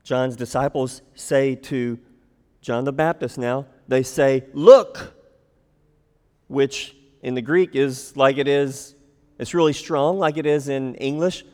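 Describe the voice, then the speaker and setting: In a church sanctuary with long hall reverb, a pastor preaches a sermon, acting out quoted lines in a raised voice. His mid-range voice is unhurried, with fairly even intonation.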